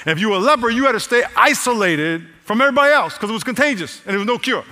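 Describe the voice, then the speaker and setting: Energetic pastor preaching in a big hall. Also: male voice, high-pitched, racing, few pauses. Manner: energetic, repeats lines, calls out to the congregation. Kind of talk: sermon. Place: large church hall.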